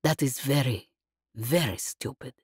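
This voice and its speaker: A woman narrator voicing a cool, dangerous woman who speaks with measured, mocking calm in an audiobook. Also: deep voice, slightly rough, no room sound, clean studio sound, exaggerated voice. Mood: calm menace. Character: cool, dangerous woman captive, calmly menacing. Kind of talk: audiobook character reading.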